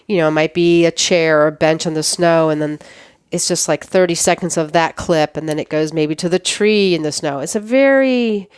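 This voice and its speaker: A middle-aged woman, a guest on an interview show, tells a story in a casual, animated way and acts out the dialogue she quotes. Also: deep voice, normal speed, smooth, no room sound, studio quality.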